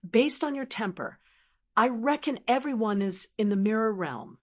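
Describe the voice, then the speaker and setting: A woman voicing a confident male martial sect elder in an audiobook, speaking in a measured, explanatory way. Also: on the high side, lively intonation.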